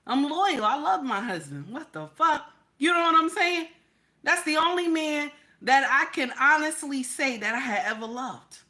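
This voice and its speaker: A married woman hosting her own channel, giving blunt, profane, animated commentary straight to her viewers. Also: sits high. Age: adult, married. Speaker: channel host.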